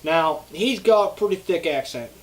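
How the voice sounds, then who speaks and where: High-voiced Southern US man, laid-back. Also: expressive, moderate pace, low-quality recording. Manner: laid-back, swears freely. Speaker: co-host. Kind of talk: casual chat.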